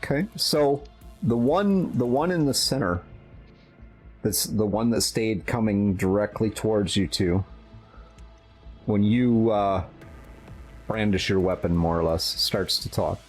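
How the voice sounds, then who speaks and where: Male game master, deliberate and low, measured narration with pauses; faint music bed. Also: slightly rough. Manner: slow, measured, hesitant narration.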